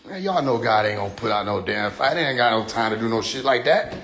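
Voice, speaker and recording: A man talking on a phone livestream in a loose, animated rant, swearing freely and laughing at his own jokes. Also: mid-range voice, fast talker, a little hiss or hum. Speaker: live streamer.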